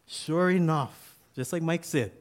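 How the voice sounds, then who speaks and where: A man's voice: fairly high pitch, measured pace. A man giving a sermon as pastor, telling a story with asides and restarts.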